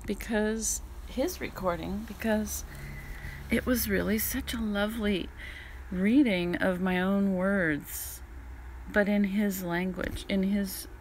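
Gravelly lady musing slow at home, half whispering, bit of hiss. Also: medium pitch. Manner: soft, musing, often drops to a whisper. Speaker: podcast host. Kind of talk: casual spoken diary. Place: home in Northern California.

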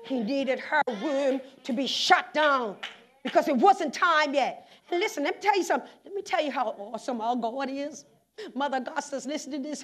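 In a church sanctuary, a Bermudian woman pastor preaches in a high voice. Her sermon swings from quiet, conversational stretches to loud shouts, with laughing asides along the way.

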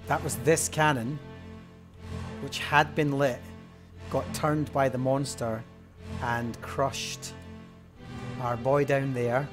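A man's voice: mid-range voice, steady tone, takes it slowly, long pauses. A man hosting a let's-play, talking casually and thinking aloud as he works through clues. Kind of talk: casual game commentary. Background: game music.

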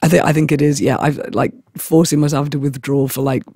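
A man with a hoarse voice from a chest infection rambles to camera with giggles and stammering restarts. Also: a little high, steady tone, fairly quick, mellow, no echo, studio quality. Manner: giggly, stammering, self-mocking. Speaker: vlogger. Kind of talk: rambling casual monologue.

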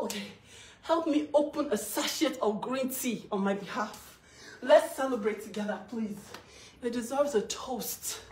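Brief: exuberant woman in a celebratory home vlog, higher-pitched voice, chanting and laughing. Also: darkish tone, slight background noise. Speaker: vlogger. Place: her home, indoors. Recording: roomy, distant from the mic.

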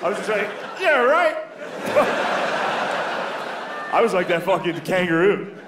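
His voice sits on the high side as this American man does stand-up comedy, chatting casually and cracking himself up. There's heavy background noise, plus loud laughter from the crowd in an echoey venue.

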